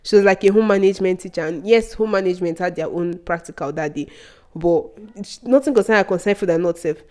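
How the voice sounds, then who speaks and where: A young woman telling a personal story to her viewers, animated, often laughing, her voice leaping up when she quotes herself. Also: fairly low pitch, fast. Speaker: vlogger. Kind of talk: casual storytelling.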